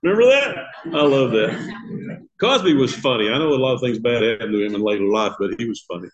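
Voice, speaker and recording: A man's voice: mid-range voice, lively intonation, fairly quick, highs cut off, a crowd in the background. An older man teaching a Sunday school class in a church classroom. He talks in a conversational way, asks the class questions and chuckles at his own asides.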